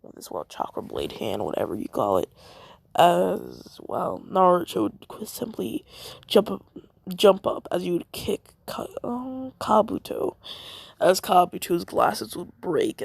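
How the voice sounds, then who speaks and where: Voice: mid-range voice, gravelly, slightly rough, dry recording. A fan storyteller rambling through a story, full of fillers and self-corrections.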